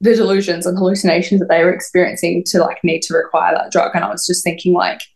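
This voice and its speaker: A young podcast guest tells the interviewer her own story quickly, her lowish voice barely shifting in pitch. She rambles, fills it with "like," and quotes what others said.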